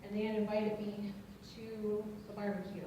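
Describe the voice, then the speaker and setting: A woman's voice: mid-range voice, level tone, noisy background. A woman from Colorado giving an earnest, emotional personal testimony as a student veteran speaker. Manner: earnest, emotional, halting at times. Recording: echoey hall, distant mic.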